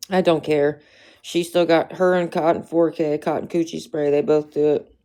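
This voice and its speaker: Low-voiced woman venting on a livestream. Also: flat delivery, moderate pace, dark tone. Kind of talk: casual livestream chat.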